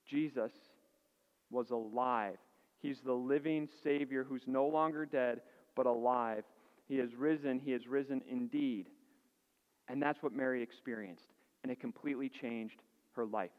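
A man's voice: medium pitch, normal speed, muffled recording. Earnest male pastor preaching in a hall. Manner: earnest, building emphasis, rhetorical questions. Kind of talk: sermon.

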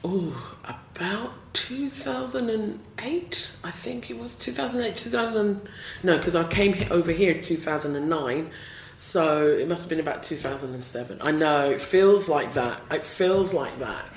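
A woman with a deep voice and a Southern English accent, chatting playfully as a singer being interviewed. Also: normal speed, echoey room, slight background noise. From South East London, England. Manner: chatty and playful, laughs often. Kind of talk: casual interview chat.

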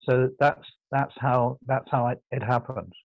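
A man's voice: medium pitch, steady tone, creaky, dry recording, dull audio. An older man from England with a posh southern English accent, reflecting thoughtfully as an interview guest, often stopping to restart his sentences. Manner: thoughtful, halting, self-correcting.

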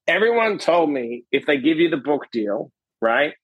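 A man with a husky, slightly higher voice recounts a story in relaxed conversation. He talks in an animated way, acting out what people said and tagging his lines with a quick question. The sound is close and dry. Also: dry recording, dull audio. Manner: animated, acts out quotes, frequent "right?" tags. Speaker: podcast guest, author and coach.

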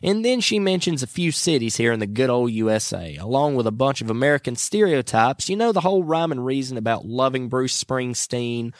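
Lively chatty man hosting a podcast. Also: mid-range voice, brisk, few pauses, no room sound, clean studio sound. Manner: chatty, self-mocking, earnest when preaching. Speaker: podcast host. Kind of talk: casual chat and devotional talk.

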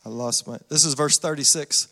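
A male pastor with a high, light voice delivers a lively sermon. He tells the story with energy and acts out the voices in it, and his words ring out with a long reverb in a large church hall. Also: moderate pace, creaky. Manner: animated storytelling with acted-out voices.

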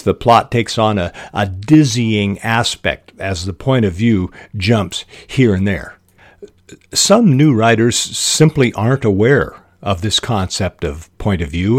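A middle-aged man talks through fiction-writing advice in a measured, unhurried way, reading short examples aloud. His voice sits on the low side. The recording is dry and close, with no room sound. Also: dry recording. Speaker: writing podcast host. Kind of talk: instructional talk on fiction writing.

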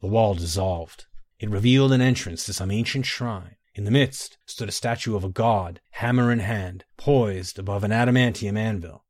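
A man reading a fantasy story aloud in a measured, even narrating voice. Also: on the low side, dry recording, studio quality.

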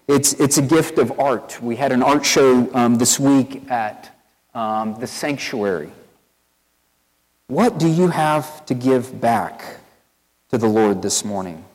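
A man from East Tennessee with a Southern accent, a pastor preaching a sermon in a conversational, storytelling way, earnest and animated. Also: mid-range voice, breathy edge, long reverb tail, poor audio. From East Tennessee, USA. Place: church sanctuary with long reverb.

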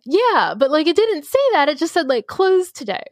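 A woman co-hosting a podcast, telling a long story in a rambling, animated way full of fillers. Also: sits high, a little fast, no echo, studio quality. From United States. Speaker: podcast co-host. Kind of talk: casual chat.

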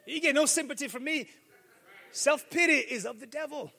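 A man preaching a sermon as pastor, moving between quiet reflection and fervent shouted declarations. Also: very high-pitched, normal speed, gravelly, big-room sound. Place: church sanctuary.

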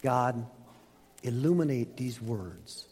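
A man preaching a sermon as pastor, emphatic, swinging from loud highs to soft lows. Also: expressive, takes it slowly. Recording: reverberant hall.

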